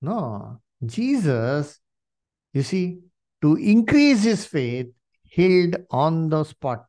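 A man preaching, his voice sitting a little high for a man. His pitch swings widely as he asks the congregation rhetorical questions, with "you see" and "uh" between his phrases. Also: big pitch swings, takes it slowly, mellow. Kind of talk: sermon.

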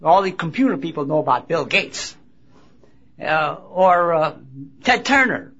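A man delivers a sermon in a husky, bright, rather high voice. He talks haltingly, restarting phrases and pushing up on key words. The recording is dull and lo-fi. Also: sing-song. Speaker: preacher. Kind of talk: sermon with Bible reading. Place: convention gathering.

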